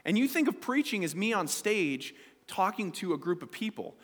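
A man's voice: high voice, big pitch swings, moderate pace, a bit bright, in a large hall. A male pastor preaching a sermon to his congregation, asking them questions as he goes and reading scripture aloud.

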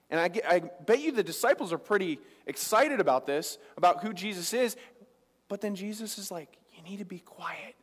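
Man, pastor, conversational sermon, lively pitch, long hall reverb. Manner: conversational preaching, animated, asks the congregation questions.

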